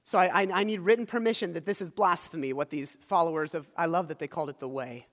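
In a church hall with long reverb, a pastor preaches a sermon, retelling a scripture story conversationally with asides to the congregation. His voice is on the high side, fairly even in intonation, a bit bright, and quick.

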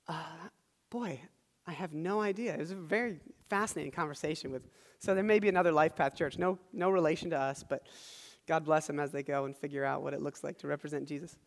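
Recorded in a spacious church hall with long reverb, a man speaks on the high side and fairly quickly. He is the church's pastor, preaching a sermon that retells a scripture story in a conversational way with asides to the listeners.

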